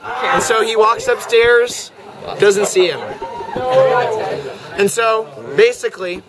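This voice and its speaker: A teenage boy telling a long, drawn-out joke story to friends with a teasing delivery. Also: high voice, fairly even intonation. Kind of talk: casual shaggy-dog storytelling. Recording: outdoor crowd chatter. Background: chatter of a group nearby.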